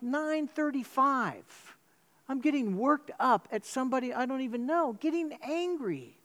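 A man preaching a sermon in church, telling a story with sudden jumps in pitch. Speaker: pastor.

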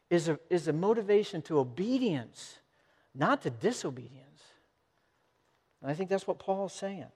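A man's voice: high voice, big pitch swings, unhurried, big-room sound. A man preaching a sermon as pastor, in an earnest, conversational way.

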